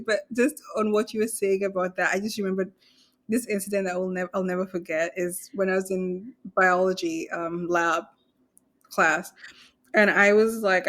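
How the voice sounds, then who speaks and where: Chatty woman with frequent laughs. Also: mid-range voice. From Kenya or Zambia. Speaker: podcast co-host. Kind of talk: casual chat.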